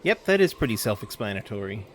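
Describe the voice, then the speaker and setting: A man's voice: lowish voice, very animated, fast, slight background noise. A man streaming a game, chatting casually with viewers in a rambling, easygoing way while calling out what happens in play. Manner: rambling, easygoing, answers chat between game callouts.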